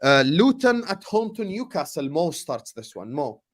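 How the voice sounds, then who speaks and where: A man hosting a casual football podcast, relaxed and chatty, dropping in Arabic phrases. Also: fairly high pitch, moderate pace. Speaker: podcast host.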